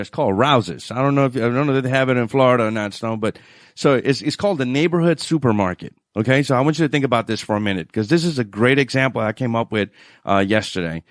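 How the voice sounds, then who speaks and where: A man with a New Orleans accent, a financial adviser guest on a radio show, telling stories in an animated way and laughing often. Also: medium pitch, no echo, clean studio sound. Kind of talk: radio interview chat.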